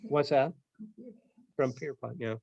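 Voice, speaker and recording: A man's voice: mid-range voice, slow pace, gravelly, a little mellow, no echo, lo-fi sound. A middle-aged man from Ohio with a Midwest accent, leading a church study group in a loose, conversational way with frequent ums. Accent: Midwest American. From Akron, Ohio. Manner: conversational, many ums and restarts. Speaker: Bible study leader.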